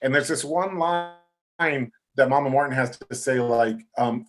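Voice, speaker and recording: A man, a guest on a podcast, telling casual, animated anecdotes and quoting other people. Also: mid-range voice, unhurried. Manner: chatty, animated anecdotes with quoted voices.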